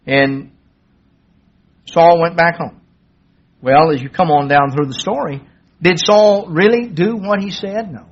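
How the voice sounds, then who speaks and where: A man's voice: sits high, animated, moderate pace. A man preaching a sermon, retelling a Bible story in a conversational way and acting out the quoted dialogue with a raised voice. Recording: dull lo-fi sermon recording.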